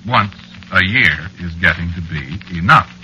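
A man's voice: low voice, measured pace, heavy background noise. An actor narrating as an ageless man married to a witch in an old-time radio drama, wistful in telling and flustered in dialogue. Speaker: narrator and lead character.

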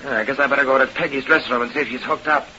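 A man's voice: medium pitch, steady tone, rapid-fire, loud music behind the voice, lightly acted. An actor playing a brash young male vaudeville dancer, slangy and blustering, in 1930s radio acting. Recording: dull lo-fi old radio recording.

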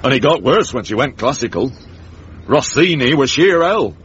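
A man's voice: mid-range voice, sing-song, normal speed, fairly bright tone, a little hiss or hum. An actor playing a grumpy older northern man in a radio comedy, with a Northern English accent, dry and boozy. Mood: grumbling. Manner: dry, boozy, mock-grand oratory. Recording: dull lo-fi radio broadcast.

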